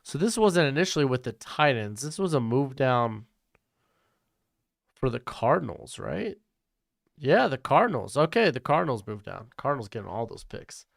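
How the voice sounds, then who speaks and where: A man's voice: mid-range voice, big pitch swings, moderate pace, creaky. A young man hosting a live-streamed mock draft, talking casually and bluntly and mocking bad trades.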